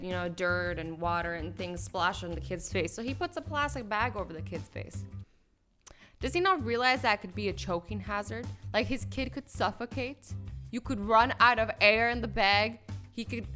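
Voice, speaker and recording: A woman with a fairly high voice talks through video clips as a reaction host. She fires off disbelieving, scolding questions one after another. Soft music plays faintly behind her. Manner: incredulous, scolding, quick rhetorical questions.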